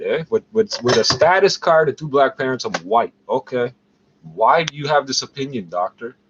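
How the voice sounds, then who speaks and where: A Canadian man in pain, ranting heatedly and profanely in an angry vlog monologue. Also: mid-range voice. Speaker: vlogger. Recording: dull lo-fi recording with faint noise.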